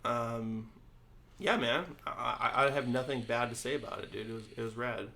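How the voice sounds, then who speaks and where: Gravelly laid-back young man. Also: medium pitch, pushed and bright. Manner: laid-back, short agreeing replies and halting anecdotes. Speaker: podcast co-host. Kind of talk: casual chat.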